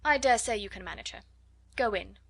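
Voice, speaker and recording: A woman's voice: mid-range voice, brisk, creaky. A woman voicing a stern, stately headmistress who speaks in a severe, commanding way, in a storybook reading. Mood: stiffly approving. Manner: severe, stately, near shouting.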